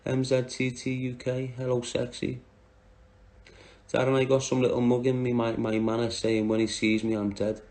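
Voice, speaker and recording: A man's voice: mid-range voice, completely flat delivery, normal speed, a little mellow. A man with a Liverpool Scouse accent, talking on a livestream, bluntly and combatively answering viewers by name. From Liverpool, England.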